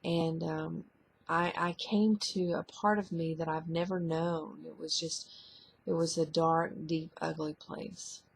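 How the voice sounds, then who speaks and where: A middle-aged woman tells her own story to the camera in a halting, soft-spoken way, often trailing off mid-thought. Her voice sits low and carries a gravelly, husky texture. She takes her time, pausing between phrases. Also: little pitch movement. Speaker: person sharing a personal testimony. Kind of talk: personal testimony to camera.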